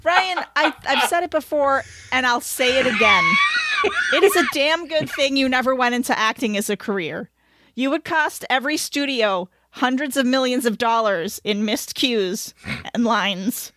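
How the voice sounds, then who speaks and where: A woman co-hosting a podcast in casual, rambling chat, quick to laugh. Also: high voice, a bit bright. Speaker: podcast co-host.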